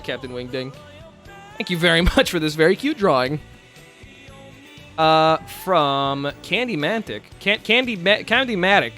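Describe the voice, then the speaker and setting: A man's voice: a little high, bright, forceful tone. Laughing, profane male streamer. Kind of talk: casual live-stream chat.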